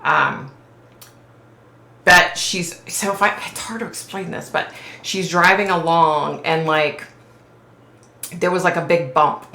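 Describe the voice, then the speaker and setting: A low-pitched woman with a gravelly, bright edge to her voice tells a story to camera. She rambles casually and keeps checking in with her viewers. The recording sounds roomy and echoey. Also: fairly even intonation, slow pace, pauses often. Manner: rambling, full of "like" and "okay?" check-ins. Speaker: psychic vlogger. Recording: roomy echo.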